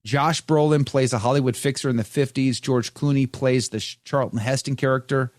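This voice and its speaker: A man hosting a live talk show, chatting casually and reading viewer comments, animated when telling stories. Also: mid-range voice, a little fast, no room sound, clean studio sound. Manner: animated, mimics others in storytelling. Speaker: host.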